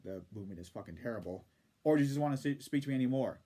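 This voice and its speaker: Male vlogger ranting about comments, sarcastic, swears freely, mid pitch. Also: expressive, racing, mellow. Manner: sarcastic, profane. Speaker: YouTube commentator. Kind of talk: casual commentary rant.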